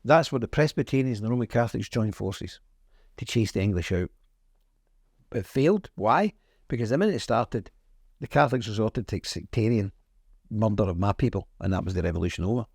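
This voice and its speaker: A man's voice: expressive, brisk, creaky, a little mellow, slightly rough, no room sound, clean studio sound. A middle-aged Northern Irish man, an interview guest telling history in an emphatic, storytelling way. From Northern Ireland. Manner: emphatic, storytelling, swings in pitch. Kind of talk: conversational interview.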